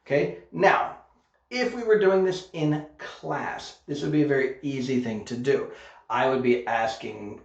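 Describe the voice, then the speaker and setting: A man's voice: mid-range voice, unhurried. A man teaching an online English grammar lesson, modeling example sentences carefully and checking in with "okay?" as he goes. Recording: echoey room, dull lo-fi sound.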